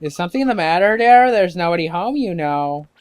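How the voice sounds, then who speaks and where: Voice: medium pitch, lively intonation, brisk, clean tone, dry recording, natural voice. A gamer voicing a fussy, gossiping old woman neighbor while reading game dialogue aloud. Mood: gossipy. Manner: gushing, gossipy. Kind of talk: let's-play dialogue read aloud.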